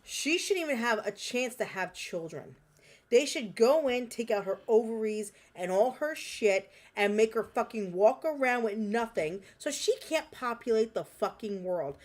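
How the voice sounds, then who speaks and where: A woman's voice: on the high side, expressive, moderate pace. Furious, swearing podcast woman. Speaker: podcast co-host. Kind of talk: angry ranting on a podcast.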